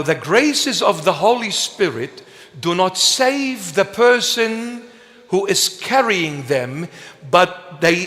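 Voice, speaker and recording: Man preaching, slightly high voice, unhurried, emphatic, playful asides, long church reverb. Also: pushed and bright. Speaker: bishop. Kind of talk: sermon. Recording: long reverb of a large hall.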